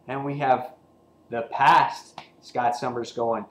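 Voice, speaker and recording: Excited rambling man in a roomy space. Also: mid-range voice, slow pace, a little hiss or hum. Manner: excited, rambling with many fillers. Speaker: comic book reviewer. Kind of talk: casual review chat.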